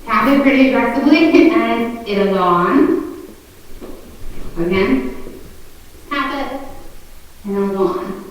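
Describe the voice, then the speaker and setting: A woman's voice: on the high side, lively intonation, slow, pauses often, lo-fi sound. A young woman hosting a ghost-hunting vlog in an old manor house, chatting casually and explaining her gear to the room. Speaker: paranormal investigator and vlog host. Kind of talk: casual vlog chat and ghost-hunt narration. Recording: very echoey indoor room.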